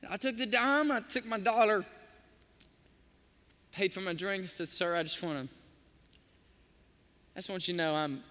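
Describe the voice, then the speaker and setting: Animated pastor in a hall. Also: male voice, high voice. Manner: animated, acts out the voices in his stories. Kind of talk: storytelling sermon.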